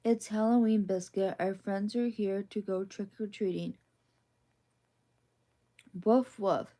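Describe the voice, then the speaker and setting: A woman reading children's picture books aloud as soft ASMR bedtime reading, in a gentle, sing-song rhythm. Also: medium pitch, fairly even intonation, normal speed.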